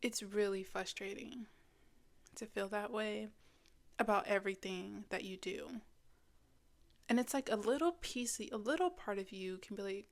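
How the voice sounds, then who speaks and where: Teen girl vlogging, rambly and blunt, lots of restarts, mid pitch. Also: a little slow, vocal fry, long pauses. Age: teens. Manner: rambling and candid, with frequent restarts and swearing; slips into a mocking whisper when quoting her inner critic. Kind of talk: casual sit-down talking video.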